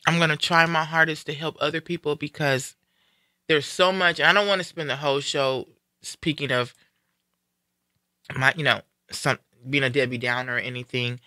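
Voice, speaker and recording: Bright-voiced man hosting a candid live stream. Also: a little high, normal speed, no echo, studio quality. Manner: earnest, reflective, animated when quoting others. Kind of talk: candid personal storytelling.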